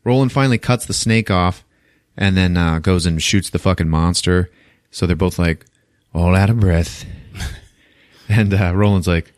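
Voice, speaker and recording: A man's voice: deep voice, a little slow, no room sound, clean studio sound. A man hosting a podcast, casually recapping a film in loose, profane storytelling and voicing the characters as he goes. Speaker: podcast host.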